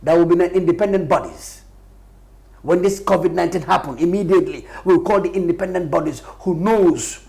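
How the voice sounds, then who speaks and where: A man's voice: high-pitched, fairly quick, gravelly, mellow. A middle-aged man from Gambia, a party official speaking passionately as a guest in a live interview. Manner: emphatic, passionate, laughs often.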